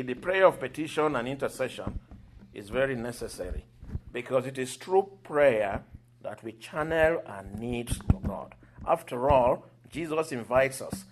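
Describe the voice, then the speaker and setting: A man preaching a sermon, telling scripture stories with lively acted-out quotes and occasional laughter. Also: mid-range voice, a little hiss or hum. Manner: animated storytelling, acting out quoted voices and laughing.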